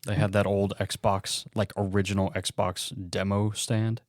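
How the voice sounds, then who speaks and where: Low laid-back man, casual swearing. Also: flat delivery, measured pace, dry recording, clean studio sound. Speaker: podcast co-host. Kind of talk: casual chat.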